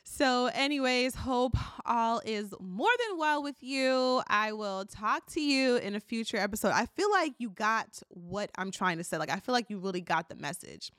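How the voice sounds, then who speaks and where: A woman's voice: a little high, expressive, moderate pace, few pauses, fairly bright tone, no echo, studio quality. Encouraging woman podcaster, cracking voice. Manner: encouraging, repeats "okay?" to the listener. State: voice keeps cracking. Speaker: podcast host. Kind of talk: motivational solo podcast talk.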